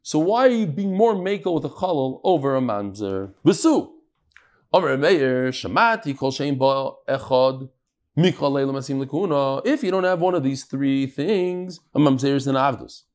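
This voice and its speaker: Animated man teaching Talmud. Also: a little high. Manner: animated, acts out quotes, swings between loud and soft. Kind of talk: classroom Gemara lesson.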